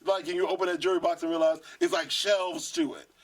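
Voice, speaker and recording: A man in his fifties from Washington, D.C., telling stories in an interview with animated energy. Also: a little high, fast talker. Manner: lively storyteller, acts out quoted voices. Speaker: guest artist.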